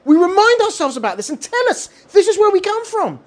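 A woman teaching a lively Torah lesson, asking many rhetorical questions and mixing in Hebrew terms. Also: very high voice, fairly quick.

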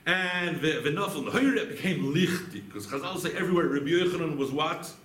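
A man teaching a Talmud lesson as a rabbi, animated and often asking rhetorical questions with a quick "right?". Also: on the high side. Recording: echoey room with faint background noise.

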